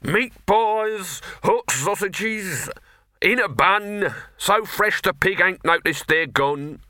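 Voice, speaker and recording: A man's voice: fairly high pitch, very animated, fast, gravelly, sharp tone, dry recording, studio quality, voice pushed up, full character voice. A man voicing a brash male street food seller with hearty salesman patter. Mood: shouting.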